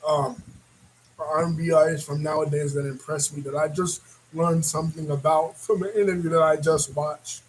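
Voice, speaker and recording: High-voiced animated man rambling casually. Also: moderate pace, a little hiss or hum, poor audio. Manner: animated, rambling, laughs often. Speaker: reaction video host. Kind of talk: casual reaction commentary.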